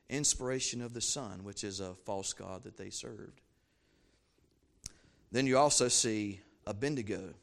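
A man preaching a sermon, fervent and repetitive, swinging from low asides to loud emphatic peaks. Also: unhurried, gravelly, long pauses. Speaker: pastor.

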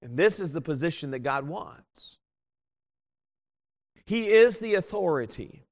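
A man preaching a sermon as a pastor, earnest and pleading, swinging from loud appeals to hushed tones. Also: fairly high pitch, expressive, measured pace. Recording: long hall reverb.

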